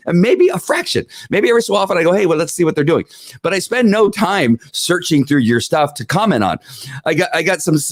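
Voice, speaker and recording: Gruff rambling man hosting a livestream. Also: mid-range voice, dry recording, studio quality. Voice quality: gruff and rough. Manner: rambling, repeats words, greets viewers. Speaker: live-stream show host. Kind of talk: casual livestream monologue.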